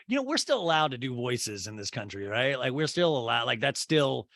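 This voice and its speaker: A man's voice: mid-range voice, big pitch swings, moderate pace, gravelly, a bit bright, no echo. A man hosting a comedy podcast, rambling through a crude, joking recap monologue. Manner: rambling, crude, swings into silly voices. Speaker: podcast host.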